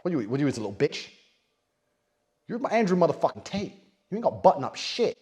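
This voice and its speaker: Brash, ranting man with a lively voice. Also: fairly high pitch, quick pace, a crowd in the background. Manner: brash, profane, loud and taunting. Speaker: public personality. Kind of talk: boastful rant.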